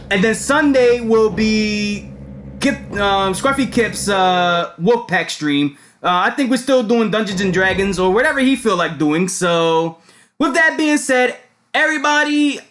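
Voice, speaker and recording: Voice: medium pitch, fairly bright tone, a little hiss or hum. A game streamer giving casual gameplay commentary, rambling, swearing freely and laughing often.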